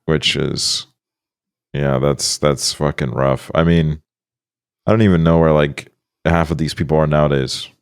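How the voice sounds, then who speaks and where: A young man co-hosting a podcast in a very low, deep voice. He talks in a relaxed way, mulling things over and swearing often. The recording is dry and close. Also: gravelly, smooth, dry recording. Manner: laid-back, profane, drawn-out musing. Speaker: podcast co-host. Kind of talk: casual chat.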